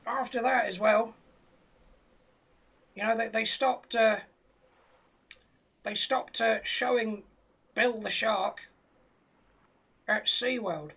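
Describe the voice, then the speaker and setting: British comic storyteller, man with a high, gravelly voice, swears freely, tells absurd tales dead straight. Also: steady tone, slow pace, pauses often, a bit bright. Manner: profane, rambling tall tale told straight. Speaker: comedian telling a story. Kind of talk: comic storytelling on a live stream.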